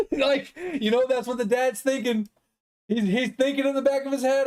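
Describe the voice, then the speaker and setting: A man's voice: very high-pitched, unhurried, pauses often, darkish tone. A young man streaming a game, ranting in a heated, profane, exasperated way. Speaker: gaming streamer. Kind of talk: casual ranting commentary.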